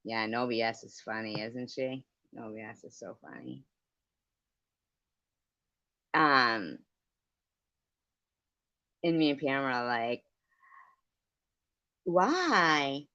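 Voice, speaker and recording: A woman's voice: rumbling low, a little slow, long pauses, pushed and bright, no echo. A middle-aged woman hosting a livestream, telling stories in casual chat and answering viewers, laughing often and swearing freely. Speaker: livestream host. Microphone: computer mic on a livestream. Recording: dry, dull lo-fi stream audio.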